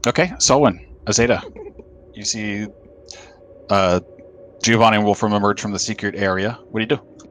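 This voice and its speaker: A man narrating as dungeon master in a tabletop game, halting and full of fillers. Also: on the low side, fairly bright tone.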